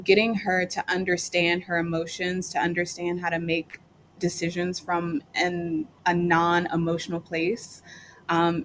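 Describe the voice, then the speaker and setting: A woman's voice: on the low side, fairly bright tone, a little hiss or hum. A middle-aged woman, a guest on a talk show, chatting and telling stories with lots of fillers. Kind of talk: casual talk show conversation.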